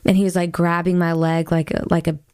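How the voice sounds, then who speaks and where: A woman with a smooth, lowish voice, recorded dry and close. She tells a personal story in an animated, chatty way, full of fillers. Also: a little fast, dry recording. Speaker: guest, author. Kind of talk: casual faith conversation.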